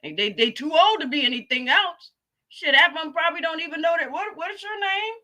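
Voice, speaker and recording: A woman's voice: extremely high pitch, animated, a little fast, pushed and bright. A woman hosting a live stream, chatting casually and cracking crude jokes with frequent laughter. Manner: laughing, profane, joking commentary. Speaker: livestream host. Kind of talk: casual comedic chat.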